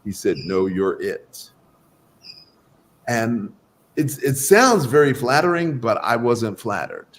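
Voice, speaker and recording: Animated slow-talking male storyteller. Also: mid-range voice. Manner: animated, acts out quoted dialogue. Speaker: guest doctor of Chinese medicine. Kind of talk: storytelling in an interview.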